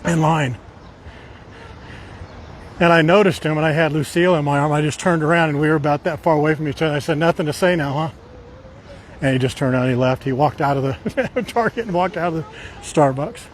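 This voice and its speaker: A man's voice: fairly high pitch, fast talker. A man rambling casually as he guides a walking live stream through city streets, telling stories with fillers. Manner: chatty, rambling, with fillers and storytelling. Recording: faint street noise outdoors.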